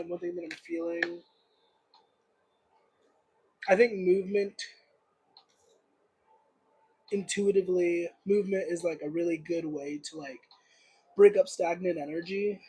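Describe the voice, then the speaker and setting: A young man with a high, husky voice gives a casual tarot reading on a livestream. He rambles, trails off and hunts for words, padding his talk with fillers. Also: dark tone, low-quality recording. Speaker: tarot reader.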